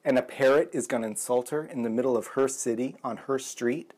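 A man's voice: medium pitch, brisk, darkish tone. A man telling a long shaggy-dog joke, stopping and restarting and chuckling as he builds it. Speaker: joke teller.

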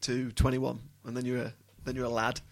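A man's voice: medium pitch, monotone, a little fast, gravelly. A man, asking teasing questions as a podcast co-host. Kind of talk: casual chat.

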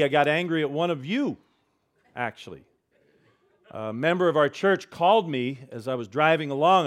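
A man's voice: on the high side, a bit bright. A man preaching a sermon as pastor, conversational, with humor and rhetorical questions.

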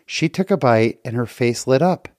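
Middle-aged man, mellow voice, dry close sound, earnest reflective storytelling. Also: mid-range voice, animated, normal speed, no echo. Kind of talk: personal story talk.

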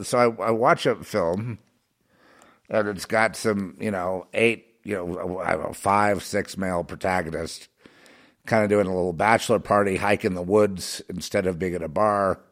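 A man in a rambling rant with many restarts and repeated fillers. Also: low voice. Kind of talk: ranting commentary.

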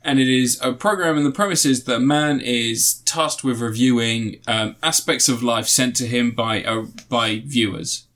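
A man co-hosting a casual podcast, rambling through a show recap and laughing along the way. He speaks at an ordinary, middling pitch. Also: moderate pace, few pauses, fairly bright tone. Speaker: podcast co-host reviewing shows. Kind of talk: casual chat.

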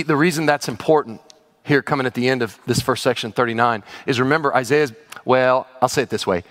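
A man's voice: medium pitch, a bit bright. A man pastor preaching a sermon in a conversational way with sudden exclamations, heard in a large church hall. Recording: reverberant hall.

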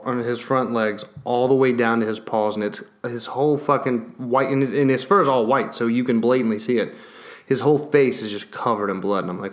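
A young man telling a story in a casual vlog, animated, swearing heavily and laughing between lines. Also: medium pitch. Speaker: vlogger.

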